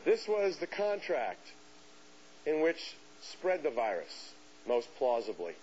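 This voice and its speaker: A man giving a lecture to an audience, telling a story in an animated way and acting out the voices of people he quotes. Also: fairly high pitch, slow pace, husky. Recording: dull hissy lecture recording.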